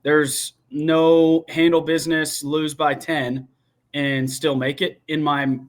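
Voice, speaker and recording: Young man, slightly high voice, rambling animated sports take, casual chat. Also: slow pace. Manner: rambling, restarts often, animated opinions. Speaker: guest football commentator.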